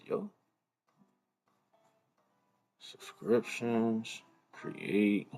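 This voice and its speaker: A man's voice: low voice, expressive, slow, darkish tone, slightly rough, soft background music. A man hosting a live stream in casual commentary, rambling and swearing as he mutters to himself while fumbling with the computer.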